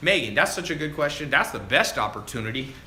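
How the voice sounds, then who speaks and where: A man coaching viewers on a casual livestream, animated and chatty, calling people dude and man as he answers their questions. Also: mid-range voice, fast, a little hiss or hum. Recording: roomy echo with faint ambience.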